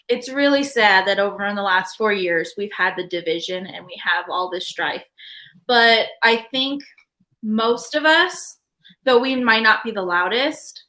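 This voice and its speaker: A young adult woman hosting a podcast live stream, telling stories in a chatty, animated way. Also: on the high side. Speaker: podcast host. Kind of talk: casual live-stream chat.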